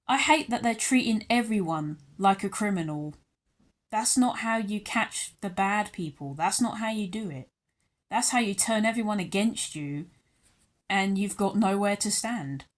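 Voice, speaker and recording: A young woman with a British accent vents to her viewers in an angry, sarcastic rant. Her pitch sits in the middle but swings up high and drops low as she talks. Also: measured pace. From United Kingdom. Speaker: YouTuber. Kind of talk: ranting vlog commentary.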